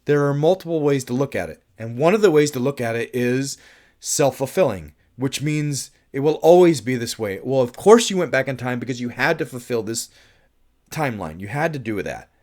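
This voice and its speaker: A man's voice: mid-range voice, lively intonation, moderate pace, a little mellow. A man reviewing a film in a casual, musing monologue, thinking aloud with restarts and laughs and briefly acting out quoted lines.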